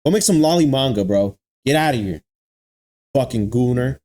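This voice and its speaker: A young man with a mellow, mid-range voice and lively intonation hosts an anime reaction video at a moderate pace. Exasperated, he rants straight at his viewers, repeating himself and piling on slang.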